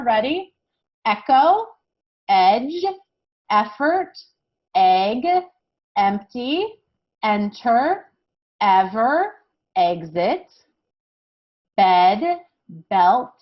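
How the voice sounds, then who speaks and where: A woman teaching a kindergarten lesson, slow and encouraging, often checking in with "okay?". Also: mid-range voice, dull audio. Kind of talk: recorded classroom lesson for young children.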